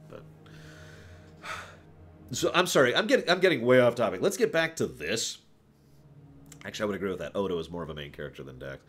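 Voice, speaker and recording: Animated opinionated male streamer. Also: lowish voice, brisk, pauses often. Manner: opinionated, rambling with restarts and sighs. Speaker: streamer host. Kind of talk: casual livestream commentary.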